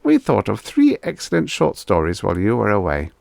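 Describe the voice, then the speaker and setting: A man's voice: fairly low pitch, huge pitch swings, brisk, vocal fry, darkish tone, no echo, clean studio sound, full character voice. A man voicing a courteous little green gnome who speaks for his group. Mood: polite. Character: polite little male green gnome spokesman.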